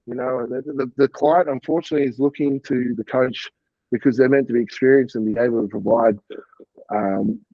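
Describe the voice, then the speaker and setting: A man's voice: mid-range voice, steady tone, fairly quick, no room sound, highs cut off. A man, a podcast guest and coach, chatting casually and rambling with lots of "like" and the odd swear word. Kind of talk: casual interview chat.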